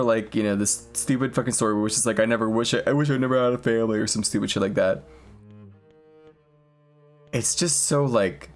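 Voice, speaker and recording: A young man streaming a game, chatting casually in a rambling, crude, jokey way and laughing often. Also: fairly low pitch. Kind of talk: casual gameplay chat.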